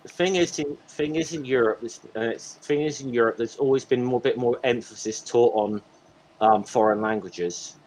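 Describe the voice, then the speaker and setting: A man's voice: medium pitch, moderate pace, a little mellow, slight background noise, rough recording. A man in casual podcast chat, rambling through stories with lots of restarts and fillers.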